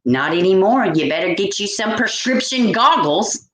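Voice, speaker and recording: A woman's voice: medium pitch, lively intonation, normal speed, fairly bright tone. Profane, ranting woman vlogger. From United States. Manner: exasperated, profane, repetitive ranting. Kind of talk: ranting commentary to camera. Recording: echoey room.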